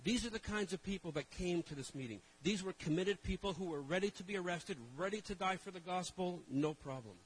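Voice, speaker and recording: A man preaching as a pastor, telling a story with animated shifts from hushed asides to loud outbursts. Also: high-pitched, fairly quick, few pauses, slightly rough, low-quality recording. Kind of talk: sermon storytelling.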